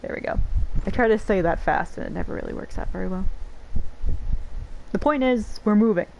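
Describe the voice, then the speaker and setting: A woman's voice: medium pitch, brisk, gravelly, darkish tone, a little hiss or hum, low-quality recording. A woman playing a video game and chatting casually, rambling and swearing freely as she reacts. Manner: rambling, swears, laughs often. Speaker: game streamer. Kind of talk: casual let's-play commentary.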